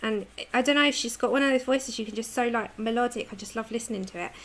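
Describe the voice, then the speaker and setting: A woman's voice: a little high, quick pace, a bit bright. A British woman hosting a livestream, chatting casually while she colours, laughing often and answering viewer comments. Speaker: livestream host.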